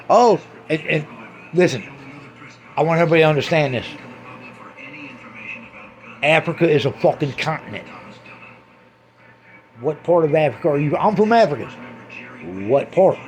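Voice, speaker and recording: Foul-mouthed man ranting, raised pitch. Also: animated, moderate pace, pauses often. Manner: crude, heavy swearing, rambling asides. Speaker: monologuist. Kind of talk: profane rambling rant.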